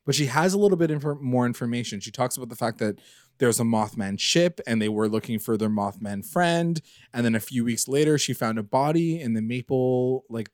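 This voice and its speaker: Male co-host, casual recap chat, animated storyteller, dry close sound. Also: mid-range voice, no echo. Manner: chatty, animated, acts out characters' lines mid-story. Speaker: podcast co-host.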